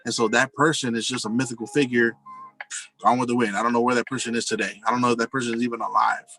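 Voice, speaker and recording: A man's voice: medium pitch, flat delivery, quick pace, bright, forceful tone, no room sound, low-quality recording. A married man telling personal stories in a casual, earnest, rambling monologue, often saying "you know" and calling his listeners "guys". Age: adult, married with a family.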